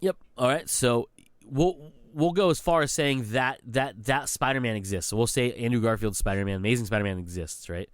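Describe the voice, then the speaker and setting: A man co-hosting a podcast, laying out a movie argument in an animated way and checking for agreement often. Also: mid-range voice, brisk, clear, resonant tone, no room sound. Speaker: podcast co-host. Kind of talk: casual movie review chat.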